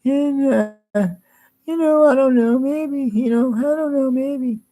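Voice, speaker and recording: A man putting on a high squeaky voice to mock another man as hesitant and mumbling. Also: slow pace, warm tone. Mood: dithering.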